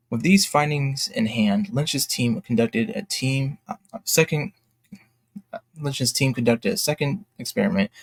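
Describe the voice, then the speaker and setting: A man's voice: medium pitch, vocal fry, husky, no room sound. A man reading a news article aloud with commentary, often stumbling over words and adding apologetic asides. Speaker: YouTube commentator.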